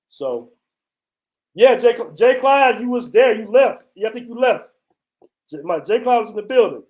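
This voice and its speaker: This American travel host has a very high, expressive, slightly mellow voice and speaks at normal speed. Standing outdoors on a city street at night, he tells viewers a story in loose slang, full of "man" and "bro."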